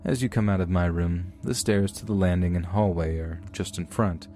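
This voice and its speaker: Deep-voiced man narrating horror stories. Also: fairly even intonation, normal speed, warm tone, soft background music. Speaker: podcast host reading listener stories. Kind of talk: scripted horror story narration.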